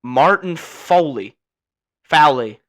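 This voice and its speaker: A young man hosting a podcast with his father, earnest and easily flustered, talking in quick bursts. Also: on the high side, lively intonation. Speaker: podcast host, son. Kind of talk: casual chat.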